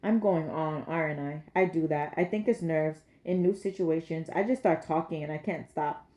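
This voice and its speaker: A woman's voice: deep voice, moderate pace, mellow, echoey room, natural voice. A woman voicing a nervous, chatty young mother who rambles eagerly at her new neighbor.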